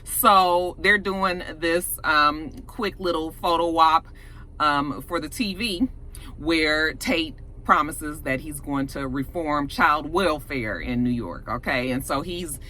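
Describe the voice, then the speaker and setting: A young woman casually recapping a TV episode in a chatty, profane, animated way. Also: deep voice, slow pace, slight background noise. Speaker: TV episode reviewer.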